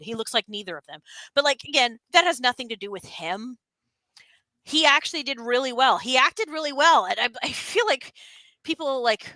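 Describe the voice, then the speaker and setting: Chatting casually on her stream, a woman with a bright, fairly high voice gets lively, laughing and launching into excited rants. The audio is poor, though dry and close.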